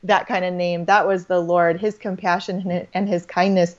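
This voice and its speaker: A woman's voice: lowish voice, little pitch movement, moderate pace. A woman in her thirties, a holistic doctor, talking in a rambling, faith-filled conversation full of restarts and trailing phrases. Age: 30s. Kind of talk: casual faith-based conversation. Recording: slightly dull lo-fi audio.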